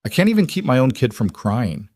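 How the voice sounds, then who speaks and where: A worn-out young woman CEO and new mother, anxious and close to tears, as a man puts her on. Her voice is lifted higher than his own, in a storybook reading. The sound is close and dry. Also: sing-song, brisk, darkish tone, dry recording. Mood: overwhelmed. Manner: anxious, tearful and self-doubting. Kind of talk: storybook dialogue.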